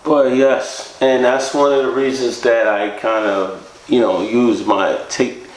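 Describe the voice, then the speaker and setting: A man shares his experiences in an unhurried, conversational way, slipping into the voices of people he quotes. His voice sits mid-range and bounces around a roomy space. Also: medium pitch, fairly even intonation. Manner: casual, acts out quoted voices. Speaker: interview guest. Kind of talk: candid storytelling.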